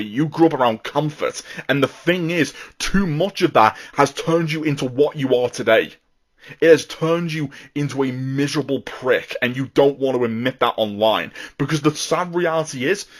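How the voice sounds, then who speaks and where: A man ranting angrily, swearing a lot and tripping over repeated words. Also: fairly high pitch. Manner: heated, profane, stumbling repetitions. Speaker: vtuber ranting on politics. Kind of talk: angry political rant.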